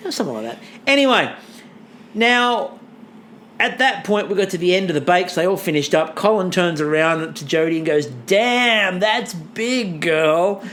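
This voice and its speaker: A man co-hosting a podcast, recapping in casual chat as a lively storyteller who swears and acts out quotes. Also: high voice, normal speed. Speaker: podcast co-host.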